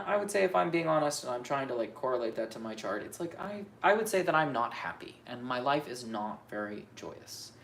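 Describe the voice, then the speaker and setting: A man's voice: medium pitch, creaky, fairly bright tone, slight background noise. A man recording an unscripted astrology vlog, venting his frustrations frankly and profanely and rambling as he questions himself. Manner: restless, self-questioning rambling.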